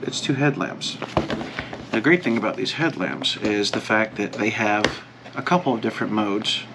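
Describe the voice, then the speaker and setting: A man's voice: lowish voice, lively intonation, moderate pace, heavy background noise. A man chatting casually to the camera as an outdoor vlogger, joking and talking viewers through his day. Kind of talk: casual vlog narration.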